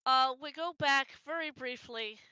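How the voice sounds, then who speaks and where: A woman narrating a tabletop game as game master, halting and repeating words as she thinks. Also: high voice, sharp tone, dry recording, lo-fi sound.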